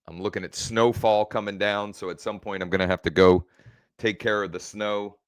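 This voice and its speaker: A man's voice: on the low side, steady tone, moderate pace, clear, resonant tone, no echo. A man hosting a casual live stream from home as a real estate coach, rambling and often correcting himself mid-sentence. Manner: rambling, self-correcting, restarts phrases.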